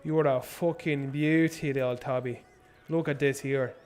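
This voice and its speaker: A young man streaming a strategy game, swearing and thinking out loud as he plans and shops. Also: medium pitch, steady tone, moderate pace. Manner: profane, rambling, thinks out loud. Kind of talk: casual gameplay livestream commentary.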